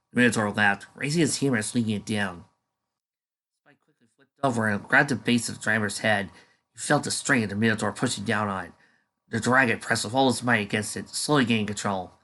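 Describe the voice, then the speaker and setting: A man's voice: on the low side, sharp tone. A man casually reading a fan story aloud, dropping offhand asides between passages. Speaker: fanfiction reader.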